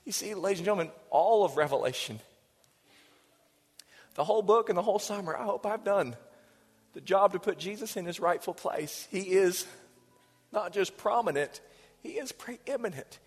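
High-voiced preaching man in a reverberant hall. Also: animated, moderate pace, pauses often, breathy edge. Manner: swings between loud preaching and hushed whispers. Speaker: pastor. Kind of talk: sermon. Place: church sanctuary. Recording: church hall reverb with soft music.

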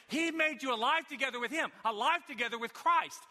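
A man preaching a sermon as pastor, swinging between loud emphatic lines and hushed, quiet ones. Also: high-pitched, lively intonation, brisk, long reverb tail.

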